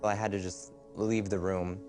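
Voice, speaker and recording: A young man in a documentary interview, recalling a loss in a halting, quiet way. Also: low voice, little pitch movement, over music. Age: young adult. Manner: halting, quiet, grief-stricken recollection.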